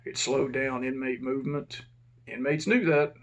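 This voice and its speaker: A former prison officer telling a casual, profane story and acting out the dialogue. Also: male voice, mid-range voice, steady tone, normal speed.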